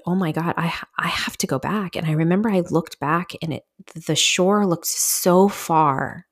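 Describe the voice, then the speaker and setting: Low-voiced woman telling a personal story. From Southern California. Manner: candid, chatty, many fillers and "like". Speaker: podcast host. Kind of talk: solo podcast storytelling.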